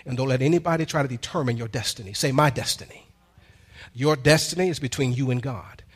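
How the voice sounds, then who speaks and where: A male pastor preaches with call-and-response, stretching out emphatic lines and slipping in casual, conversational asides. His voice is medium-pitched and husky.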